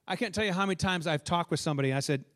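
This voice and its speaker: Male pastor, high voice, lively storytelling sermon with questions to the congregation. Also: very fast. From northern United States. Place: church.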